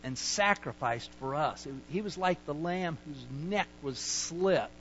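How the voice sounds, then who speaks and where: A male pastor preaching a sermon, emphatic, with sudden shifts between loud points and quiet asides. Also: animated, unhurried, muffled recording, a little hiss or hum. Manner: acts out sheepish excuses in a low mutter.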